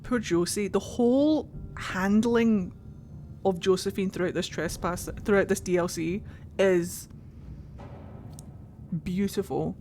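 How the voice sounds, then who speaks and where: A woman's voice: medium pitch, slow pace, long pauses, a little mellow. Woman streamer, chatty and gushing, game music faintly underneath. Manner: chatty, laughing, gushing asides. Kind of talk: casual gameplay commentary.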